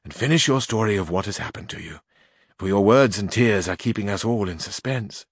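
A stern middle-aged steward speaks firmly and doubts what he is told, as a male reader puts him on. The delivery is measured and the sound is dry. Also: lowish voice, breathy edge, dry recording.

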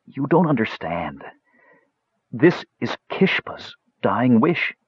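A man reading the part of an earnest young hero in an audiobook, measured and pleading, on a dull, dry, lo-fi recording. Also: mid-range voice, very animated, breathy edge, no room sound, exaggerated voice. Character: earnest young half-elf man, calm and urgent.

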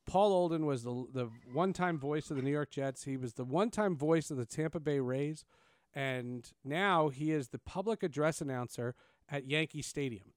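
A man's voice: a little high, moderate pace, clear, resonant tone, no echo, clean studio sound. A man, hosting a casual interview and telling stories with lots of fillers and restarts. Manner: animated storyteller, many fillers and restarts. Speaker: podcast host.

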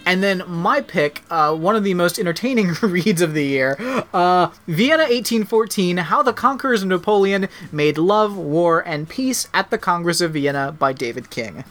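A man's voice: high-pitched, lively intonation, moderate pace, few pauses, a bit bright. A man co-hosting a podcast, telling a history anecdote in a loose, rambling way with many fillers. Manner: rambling, filler-heavy storytelling. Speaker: podcast co-host. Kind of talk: casual chat.

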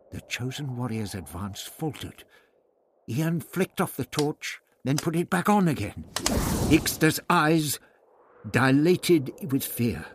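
Man reading an audiobook, slow and husky, pitch jumping all over the place. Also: slight background noise. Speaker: narrator. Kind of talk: audiobook narration.

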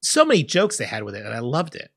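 A man co-hosting a podcast in a casual chat, animated, often laughing and acting out scenes in loud high bursts. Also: quick pace, no room sound, studio quality. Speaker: podcast co-host.

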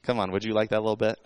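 A man's voice: lowish voice, no echo, rough recording. Guy preaching a sermon, chatty, lots of questions to the crowd, dry sound. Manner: conversational preaching with rhetorical questions. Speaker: pastor.

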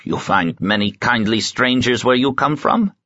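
A man voicing a gruff, suspicious older woman in an audiobook, grumbling and sharp. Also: medium pitch, lively intonation, moderate pace, voice pushed up. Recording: slightly muffled dry audiobook recording.

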